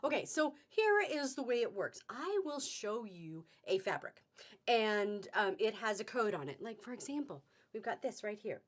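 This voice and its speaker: A woman's voice: mid-range voice, big pitch swings, normal speed. A woman hosting a live-streamed fabric sale, chatting casually and upbeat, greeting viewers by name as she goes.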